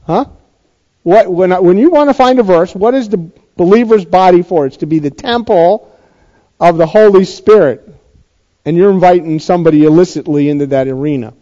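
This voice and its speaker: A pastor delivers a sermon in a notably high voice, talking to his congregation and asking rhetorical questions before rising to emphatic points. The recording is slightly dull and lo-fi. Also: moderate pace, mellow. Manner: conversational preaching with rhetorical questions and emphatic rises.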